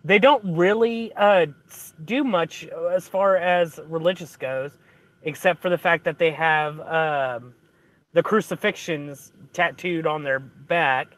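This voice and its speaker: A man's voice: on the high side, a bit bright. A man telling a movie plot in casual chat, rambling through fillers and restarts.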